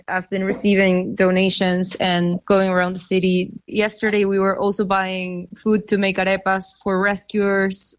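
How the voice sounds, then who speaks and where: A woman's voice: mid-range voice, dry recording. A woman volunteer describing her relief work in a plain, matter-of-fact way. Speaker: volunteer interviewee. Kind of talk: news interview clip.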